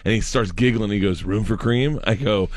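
A man, a comedian guest on a radio show, telling a comic story with animated delivery and laughing at his own jokes. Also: fairly low pitch, moderate pace, noisy background. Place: radio studio.

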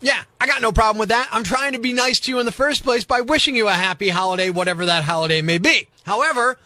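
A man's voice: very high voice, fast talker, pushed and bright, dry recording. A man hosting a morning radio show, delivering a sarcastic, exasperated comedic rant.

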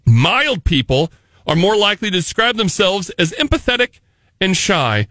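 A male morning radio host in jokey, playful banter with his co-host. His voice sits high and bounces all over, with a bright, forward tone. The studio sound is close and dry. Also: big pitch swings, normal speed, dry recording.

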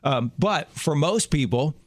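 A middle-aged man co-hosts a talk show in a casual, storytelling way, laughing easily. His voice sits a little high for a man. The sound is close and dry. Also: animated, no room sound. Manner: chatty storyteller, quick laughs. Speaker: radio show co-host. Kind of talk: casual chat.

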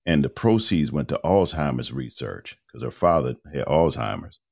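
A man in his fifties, a radio host and voice-over artist, telling his story in a casual, animated interview with colloquial phrasing. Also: very deep voice, moderate pace, creaky. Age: 50s.

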